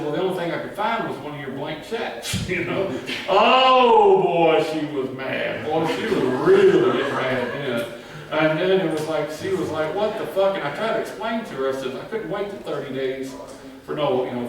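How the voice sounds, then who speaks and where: A man doing a crude, rambling stand-up monologue, swearing a lot and laughing at his own jokes. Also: mid-range voice. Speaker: stand-up comedian. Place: live comedy venue. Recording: echoey live room from far off. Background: crowd.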